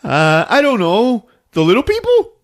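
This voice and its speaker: A man's voice: very high voice, wildly swooping pitch, moderate pace, voice pushed up, full character voice. A man voicing a nervous, timid man who stammers and pleads.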